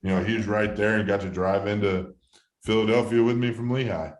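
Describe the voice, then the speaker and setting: A low-voiced man in his thirties tells a story in a relaxed, rambling way, full of fillers and restarts. His voice carries a clear echo from the room. He talks like a former ballplayer remembering his career. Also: brisk. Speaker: guest, former baseball catcher. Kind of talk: casual storytelling interview.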